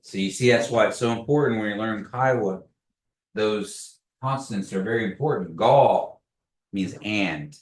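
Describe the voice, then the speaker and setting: A man teaching a language class, patiently repeating words slowly for learners. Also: on the low side. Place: classroom, echoey room. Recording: echoey room, distant mic.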